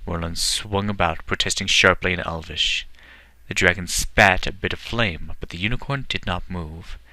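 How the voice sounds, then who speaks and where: Male storybook reader; deep and bright, dry studio-close delivery. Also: normal speed, no echo. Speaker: book reader. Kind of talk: scripted narration of a fantasy book.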